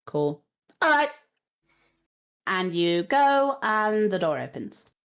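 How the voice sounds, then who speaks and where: A woman narrating as game master on a video call, slow and hesitant with many pauses and ums. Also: medium pitch, big pitch swings, fairly bright tone. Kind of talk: narrating a tabletop game online.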